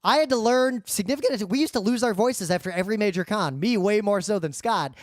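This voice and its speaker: A man's voice: sits high, expressive, no room sound. Man co-hosting a podcast, dry studio sound. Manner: measured, explanatory, adapts his talk for the microphone. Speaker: podcast co-host. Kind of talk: casual discussion. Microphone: studio microphone.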